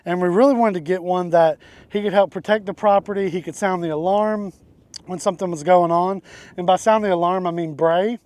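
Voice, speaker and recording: A man's voice: high voice, a little fast, a little mellow, no room sound. A man hosting a casual farm vlog outdoors, talking in an easygoing, rambling way and chuckling often. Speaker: farm channel host. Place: outdoors on a farm beside a donkey.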